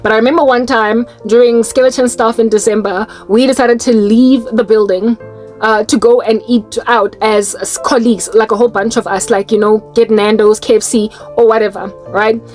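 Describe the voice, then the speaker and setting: A South African woman with a fairly high voice tells a story straight to her viewers. She talks in a lively, chatty way and keeps breaking into laughter. Faint music plays softly behind her. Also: moderate pace. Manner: animated, breaks into laughter, slips into Tswana and Zulu words. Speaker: Christian YouTuber. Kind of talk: casual storytelling to camera.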